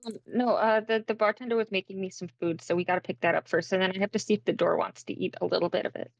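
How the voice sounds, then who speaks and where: A woman's voice: medium pitch, fairly even intonation, fast, creaky, no echo, rough recording. Giggly, hesitant woman playing a tabletop game. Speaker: player.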